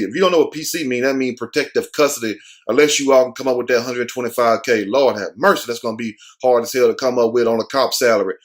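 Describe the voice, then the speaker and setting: A man hosting a casual commentary vlog, talking in slang and acting out quoted people in put-on voices. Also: mid-range voice. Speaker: host.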